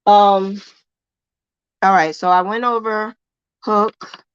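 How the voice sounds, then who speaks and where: A woman's voice: medium pitch, fairly even intonation, slow, smooth, no room sound, muffled recording. A woman hosting a casual crochet livestream lesson, chatty, emphatic and self-assured, repeating points for emphasis in colloquial speech. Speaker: crochet teacher and livestream host.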